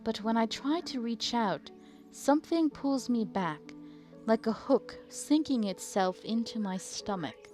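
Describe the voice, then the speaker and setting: Haunted, fearful woman in a put-on British accent, slow and hushed, faint music behind, a streamer voicing her. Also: on the high side, animated.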